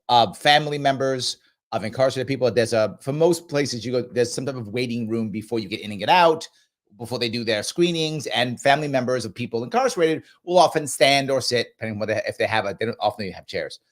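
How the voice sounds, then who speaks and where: Animated man hosting a live reaction show. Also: medium pitch, fast talker. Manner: animated, acts out voices in quotes; emphatic and repetitive. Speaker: host reacting to a clip.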